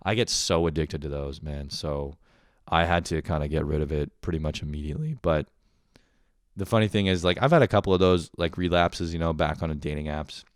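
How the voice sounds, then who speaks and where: A man's voice: very deep voice, brisk, dry recording, studio quality. A young man from Canada hosting a podcast, telling stories in a rambling, profane, casual monologue and laughing often. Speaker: podcast host.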